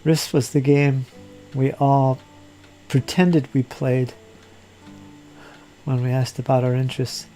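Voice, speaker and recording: A man's voice: medium pitch, little pitch movement, slow, long pauses, dark tone, faint music behind. A man hosting a casual live hobby chat while he crafts, rambling and joking and often laughing at himself. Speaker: hobby channel host.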